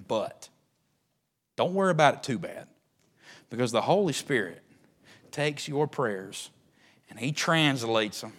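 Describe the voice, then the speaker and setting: Folksy preacher, bright, fervent. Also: male voice, unhurried, long pauses. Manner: swings from low and soft to loud, high shouting; folksy, joking asides. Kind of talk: sermon.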